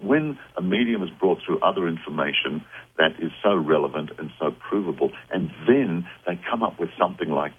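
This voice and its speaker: Deep husky man on a phone line. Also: lively intonation. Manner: earnest, encouraging, unhurried. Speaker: psychic medium guest. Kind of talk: radio call-in advice.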